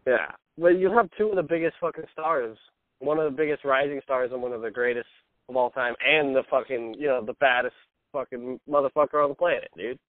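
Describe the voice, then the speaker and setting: Young dude, mid voice, casual and sweary, dry phone-like sound. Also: male voice, medium pitch, a little fast, no echo. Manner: casual, profane, short backchannel replies. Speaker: podcast co-host. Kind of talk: casual chat.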